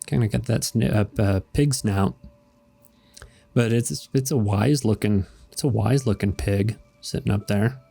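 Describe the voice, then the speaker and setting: A man's voice: fairly low pitch, measured pace, vocal fry, mellow. A man hosting a show where he reads comic strips, chatting casually in a rambling, hesitant way and chuckling now and then. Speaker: host.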